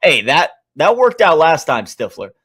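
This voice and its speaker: A man with a Midwestern American accent hosting a live sports stream, chatting casually, thinking aloud and shouting out viewers in the chat. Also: a little high, big pitch swings, normal speed, breathy edge. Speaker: sports betting stream host.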